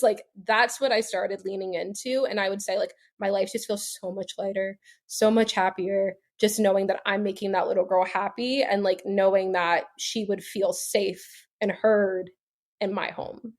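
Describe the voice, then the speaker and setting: A woman in her thirties talks as a podcast guest in an easy, rambling way, leaning hard on "like" and laughing between thoughts. Her voice sits at an ordinary middle pitch. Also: steady tone, moderate pace. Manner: chatty, heavy use of "like", laughs often. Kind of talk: casual storytelling interview.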